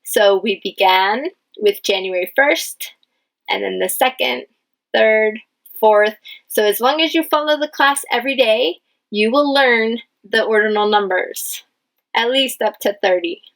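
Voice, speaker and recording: A woman's voice: a little high, measured pace, gravelly, fairly bright tone, poor audio. Patient woman teaching English dictation. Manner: patient, enunciates each word, stresses key words. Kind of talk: slow, clear classroom dictation.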